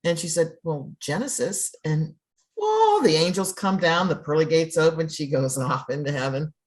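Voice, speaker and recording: Lady podcast host, kinda low voice, rambles and trips over her words, giggles as she talks. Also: lively intonation. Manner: rambling, halting, laughs mid-story. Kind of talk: casual chat, telling a joke.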